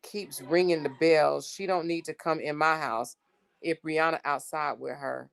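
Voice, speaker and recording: A woman's voice: sits low, fairly even intonation, measured pace, vocal fry, clear, resonant tone. A woman hosting a casual livestream, reading text messages aloud to her viewers in an exasperated, blunt way and swearing freely. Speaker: livestream host.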